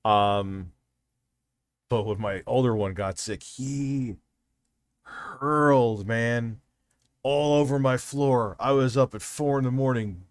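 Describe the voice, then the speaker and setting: Man, low voice, crude casual streamer chatter, rambling, swears a lot, dry close mic. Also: smooth, dry recording. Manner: restarts and trails off. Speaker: livestream host. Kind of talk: casual livestream chat.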